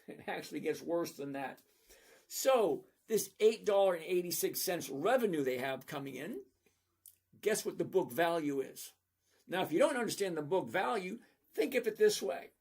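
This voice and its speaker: A man's voice: high voice, gravelly, a little mellow. A middle-aged man hosting a trading channel, giving blunt, sarcastic stock commentary and talking to viewers by name. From lives in Florida. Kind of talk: casual stock commentary over a screen share.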